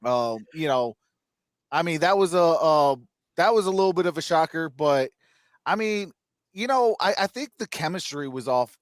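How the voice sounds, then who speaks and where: Rambling sports host, slightly high voice. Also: male voice, expressive, moderate pace, no room sound, clean studio sound. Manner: rambling, many fillers, laughs at own jokes. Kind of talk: casual sports podcast chat.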